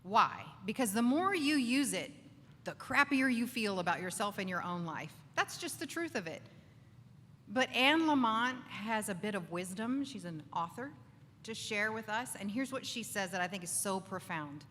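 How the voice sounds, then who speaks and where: Animated woman speaker in a reverberant room. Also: medium pitch, normal speed. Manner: animated, acts out inner voices, asks the crowd "right?". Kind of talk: lively faith talk to a live audience. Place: bar gathering with live audience. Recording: distant voice with long reverb, faint ambience.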